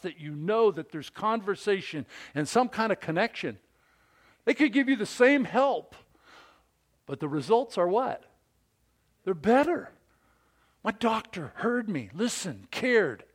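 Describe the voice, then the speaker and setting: A man preaching a sermon who asks his listeners questions, rising on key words and then dropping low. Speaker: pastor.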